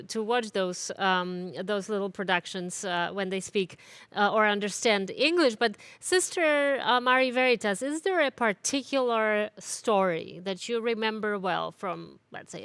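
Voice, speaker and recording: A woman's voice: medium pitch, fairly bright tone, clean tone, no room sound. Careful woman interviewer, Polish accent. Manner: careful, hesitant, many fillers. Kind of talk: interview questions.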